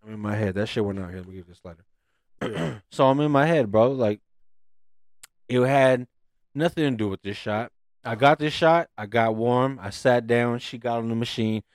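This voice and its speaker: A man telling a profane, animated story in casual chat on a podcast. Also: medium pitch, moderate pace, dry recording, studio quality.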